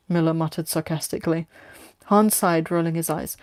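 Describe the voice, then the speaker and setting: A woman reading her own story aloud with steady, plain narration. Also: low voice, normal speed, dry recording, studio quality.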